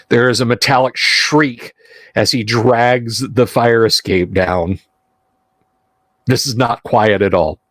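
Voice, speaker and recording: A man running a tabletop horror game on a livestream, narrating in a slow, halting way with many fillers. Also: mid-range voice, fairly bright tone, dry recording. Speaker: game master.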